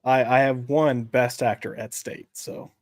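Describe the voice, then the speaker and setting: A man's voice: medium pitch, fairly even intonation, a little slow, dry recording. A man co-hosting a casual comics podcast, rambling with lots of restarts. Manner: rambling, frequent fillers and restarts. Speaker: podcast co-host.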